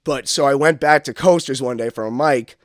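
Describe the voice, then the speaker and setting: A young man, a comedian, telling a story in casual podcast chat and loudly acting out the people in it. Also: mid-range voice, brisk, no echo, studio quality. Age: young adult. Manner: animated storyteller, acts out quotes loudly. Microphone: podcast studio mic.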